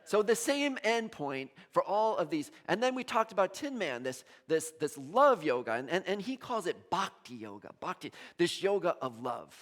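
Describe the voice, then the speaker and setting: A pastor preaches a sermon in a church, animated and high-pitched at a moderate pace with few pauses. He acts out quoted voices and jokes with the congregation.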